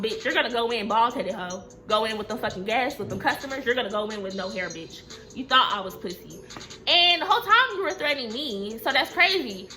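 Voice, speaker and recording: A young woman telling a storytime vlog in a blunt, profane, animated way. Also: fairly high pitch. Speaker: vlogger.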